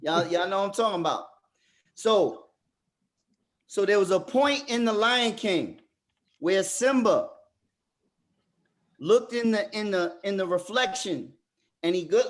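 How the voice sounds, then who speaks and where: A man leading a motivational group coaching session over a video call, talking straight to the group as a lively storyteller. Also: high-pitched. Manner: animated storyteller, addresses the group directly. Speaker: workshop facilitator.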